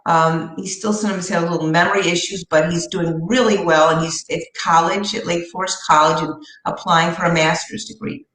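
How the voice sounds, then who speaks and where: A middle-aged woman, a guest in an interview, telling personal stories in an earnest, heartfelt way and slowing down for emphasis. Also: fairly low pitch, fairly bright tone. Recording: roomy echo.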